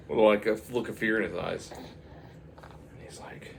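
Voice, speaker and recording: A man's voice: on the low side, takes it slowly, creaky, long pauses, slight background noise. A man telling a rambling comic story, full of sound effects and put-on voices. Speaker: comedic storyteller.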